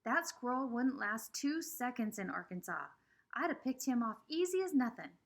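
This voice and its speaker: A woman voicing a friendly, talkative country boy who is the new kid at school, with a husky voice and an eager country drawl. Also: fairly high pitch, very animated, moderate pace, voice pushed up. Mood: excited.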